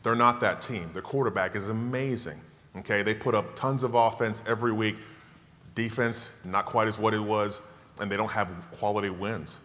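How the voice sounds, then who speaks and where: Bright-voiced man in his fifties speaking in a hall. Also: fairly low pitch. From Tallahassee, Florida. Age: 50s. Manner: emphatic, self-assured, joking. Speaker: keynote speaker. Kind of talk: relaxed Q&A talk to a dinner audience. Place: banquet hall. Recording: long reverb of a hall, faint noise.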